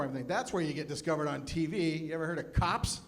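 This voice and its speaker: Fifty-something male stand-up comic, self-deprecating club set, slightly high voice, audible room noise. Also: fast. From Phoenix, USA. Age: 50s. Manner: self-deprecating, chatty with the crowd. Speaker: stand-up comedian. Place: live comedy club with audience.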